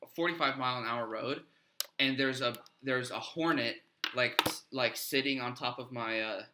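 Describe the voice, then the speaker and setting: A man co-hosting a podcast, telling stories in a swearing, animated casual chat. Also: mid-range voice, moderate pace, very noisy. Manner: swears freely, animated storytelling. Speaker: podcast co-host.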